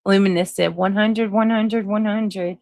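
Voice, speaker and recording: A woman's voice: medium pitch, steady tone, unhurried, gravelly, a little mellow, no echo. A woman with a Southern accent hosting a live stream, chatting casually with viewers and swearing freely. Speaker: livestream host. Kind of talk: casual live chat reading comments.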